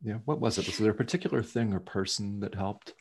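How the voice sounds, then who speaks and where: A man's voice: lowish voice, fast, darkish tone, breathy edge. A man co-hosting a podcast, giving short backchannel replies and asking brief prompting questions. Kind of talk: casual podcast interview.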